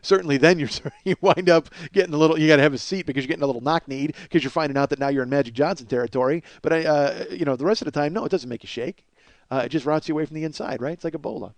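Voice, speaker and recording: A man in his forties with a hoarse voice, hosting a comedic solo podcast in a rambling, profane, self-mocking way, in his home kitchen. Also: on the high side, rapid-fire, no room sound. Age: 40s. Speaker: podcast host.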